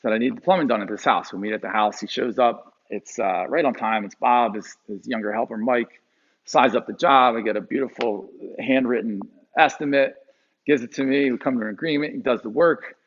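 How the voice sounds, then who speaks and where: A middle-aged man from Philadelphia tells a personal story to a live audience in a mid-pitched voice. He restarts and repeats words and jumps sharply up in pitch when he quotes people. The recording sounds a bit dull and lo-fi. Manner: halting, repeats words, acts out quotes with sudden high pitch. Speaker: speaker telling a personal story.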